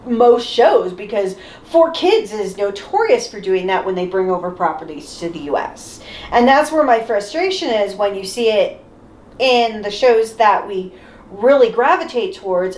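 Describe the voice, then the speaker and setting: A woman co-hosting a casual group discussion, chatty and animated, often breaking into laughter. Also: mid-range voice. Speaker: podcast co-host. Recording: roomy echo.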